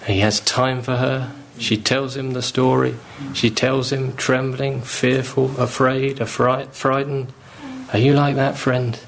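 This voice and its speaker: Male preacher, unhurried, earnest, faint ambience. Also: mid-range voice, level tone, creaky, slight background noise. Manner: earnest, pleading, rising with fervour. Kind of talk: sermon.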